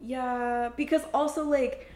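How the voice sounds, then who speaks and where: A woman's voice: high-pitched, takes it slowly. Chatty young woman in a roomy space. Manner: chatty, frequent "like" fillers, animated laughter. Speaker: podcast co-host. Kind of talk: casual chat. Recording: roomy echo.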